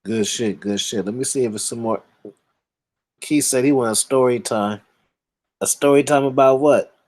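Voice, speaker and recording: A man hosting a casual chat, reading viewer questions aloud and giving shout-outs. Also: medium pitch, normal speed.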